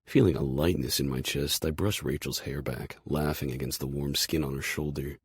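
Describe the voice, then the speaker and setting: A man narrating a romance audiobook in the first person, with a slow, brooding delivery. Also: very deep voice, steady tone, husky, dry recording, clean studio sound.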